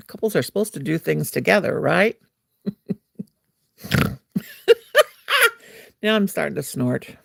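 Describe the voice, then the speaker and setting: A woman's voice: fairly low pitch, vocal fry, no room sound. Woman, crochet livestream host, playful sing-song chatter, dry close sound. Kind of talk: casual livestream chat while crocheting. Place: at home.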